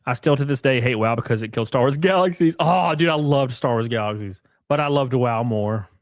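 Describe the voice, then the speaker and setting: A man's voice: medium pitch, a little fast, no echo, clean studio sound. A man hosting a casual livestream, talking bluntly with plenty of swearing and reading out viewer messages. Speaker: livestream host.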